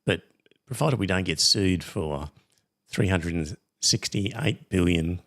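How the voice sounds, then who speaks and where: A middle-aged Australian man hosting a podcast in casual chat, rambling and reading listener messages with many pauses and ums. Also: low-pitched, vocal fry, a bit bright. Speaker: podcast host.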